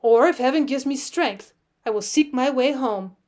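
A woman reads the part of a loyal, wounded young man, earnest and urgent in a storybook reading. The voice stays high and light for the figure. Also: moderate pace, a little mellow, close to an everyday voice.

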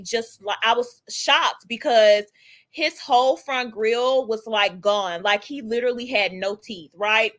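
A woman's voice: on the high side, sharp tone. A young woman hosting a casual gossip livestream, chatting animatedly and greeting viewers in the chat. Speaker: livestream host.

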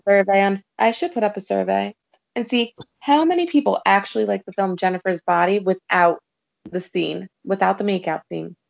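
A woman's voice: medium pitch, moderate pace, vocal fry. A woman guest on a podcast, trading blunt, dry comebacks in casual chat. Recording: dull lo-fi sound.

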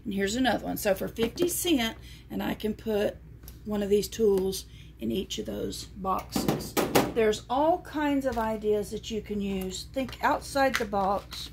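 A woman vlogger with a Southern American accent chats in a homespun way, showing things to her viewers and reading scripture aloud in a casual show-and-tell. Her medium-pitched voice is animated and gravelly at a measured pace, with background noise.

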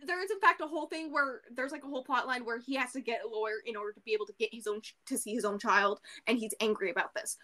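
A woman co-hosting a podcast, casually recapping a book in an animated way, full of fillers and the odd swear. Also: fairly high pitch, very fast, few pauses. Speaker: podcast co-host.

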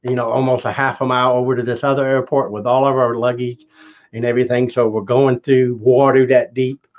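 Male guest, casual storyteller, mid-pitched, muffled lo-fi audio. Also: level tone, brisk. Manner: rambling anecdote with restarts and acted quotes. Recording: dull lo-fi audio.

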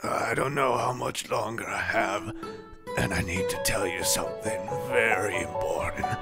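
A man voicing a stern, old-fashioned father who scolds pompously in an animated parody. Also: medium pitch, a little slow, gravelly, over loud music. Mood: weak, earnest.

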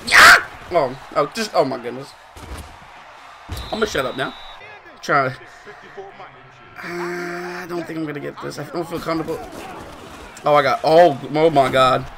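A young man giving excited live commentary on his own football video game match, swinging between muttering to himself and loud shouting. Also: on the high side, very noisy. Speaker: gaming streamer.

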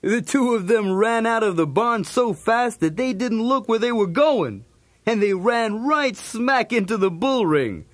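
A man's voice: high voice, expressive, a little slow, no room sound. A man voicing a cool, wisecracking male cartoon dog, narrating a storybook cassette in a jokey, streetwise manner. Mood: breezy.

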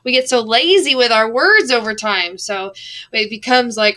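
A woman teacher giving a recorded lesson, patient and drawing out words slowly to count out their beats. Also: a little high, bright, forceful tone.

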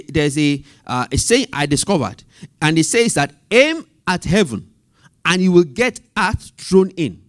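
A man teaching a Bible study, reading scripture slowly and repeating references and key phrases, asking the group for amen. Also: fairly high pitch, no room sound, clean studio sound.

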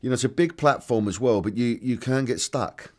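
A man's voice: mid-range voice, a little fast, a little mellow. A man talking casually and bluntly in an interview, with many restarts. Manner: chatty, blunt, full of restarts. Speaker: interviewed actor.

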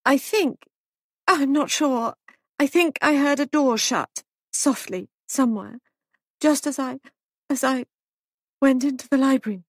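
A woman voicing a frightened young woman in an audiobook, speaking high and hesitant, with faltering words. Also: a little slow, long pauses, no room sound, studio quality.

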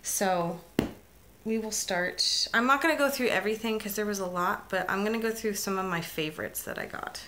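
A woman's voice: medium pitch, moderate pace, background noise. A middle-aged woman telling a story as a crafting vlogger, chatty and emotional, with many restarts and asides. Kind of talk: casual vlog chat.

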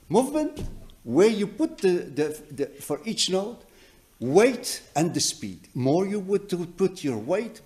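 Slow, halting man teaching a masterclass. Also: on the high side. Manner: halting, searching for words, frequent restarts; animated, emphatic storytelling. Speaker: double bass teacher leading a masterclass. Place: music college teaching room.

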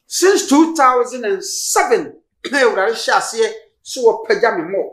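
A man's voice: extremely high pitch, lively intonation, moderate pace, fairly bright tone. An older man with a Ghanaian accent, a church elder answering interview questions in an emphatic, preacherly way, slipping into English phrases. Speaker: church elder and spiritual leader, guest. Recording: roomy studio sound.

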